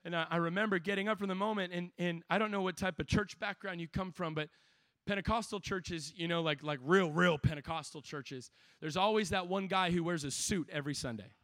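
A young man preaching a sermon to young people at a camp, building from quiet storytelling to passionate shouting. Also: high-pitched, brisk, no echo.

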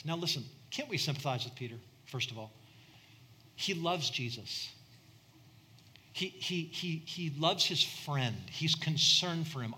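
A man preaching a sermon as a pastor, animated, acting out the people he quotes. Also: on the high side, a little slow. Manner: animated, acts out quoted voices.

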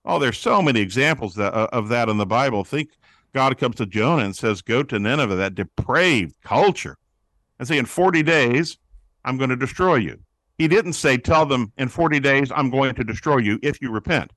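Male guest, teaching-preacher delivery, animated quotes, dry close mic. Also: medium pitch, fairly quick, no echo. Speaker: guest, pastor-author on prayer. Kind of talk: teaching interview answer.

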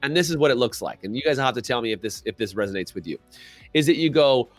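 A man's voice: mid-range voice, fast, no echo, soft background music. A man co-hosting a business coaching podcast, talking animatedly and acting out little dialogues, asking listeners to comment in the chat. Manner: animated, acts out quoted dialogue. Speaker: podcast co-host.

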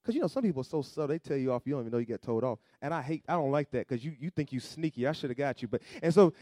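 A man preaching a sermon, asking the congregation for amens, swinging between loud emphatic peaks and low asides. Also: lively intonation, rapid-fire, no echo, studio quality. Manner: call-and-response preaching, rising to loud emphatic peaks then dropping low; acts out quoted voices in asides. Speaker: pastor.

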